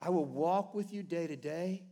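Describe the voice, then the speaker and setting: A pastor preaching a sermon to his church with earnest, animated delivery and playful asides. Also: fairly high pitch, normal speed. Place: church sanctuary.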